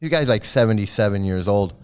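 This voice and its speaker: A man's voice: lowish voice, animated, brisk, a little mellow, clear, resonant tone. A man casually telling a personal story, rambling and chuckling often as he goes. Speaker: former member recounting his experiences.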